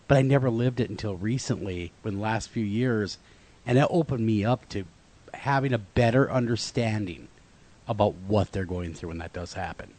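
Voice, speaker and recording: A male radio host talking in an interview in a halting, heartfelt way. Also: fairly low pitch, darkish tone. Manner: halting, heartfelt, with many restarts.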